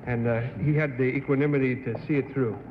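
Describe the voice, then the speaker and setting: A man on a game show panel, asking questions hesitantly with many pauses. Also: mid-range voice, fairly even intonation, slight background noise. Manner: hesitant, full of uh. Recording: muffled 1960s broadcast audio in a large hall.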